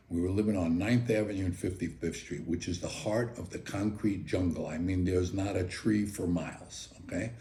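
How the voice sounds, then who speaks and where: An older man casually telling a personal story in a chatty, animated way, often checking in with "okay?". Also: deep voice, slight background noise. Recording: roomy echo.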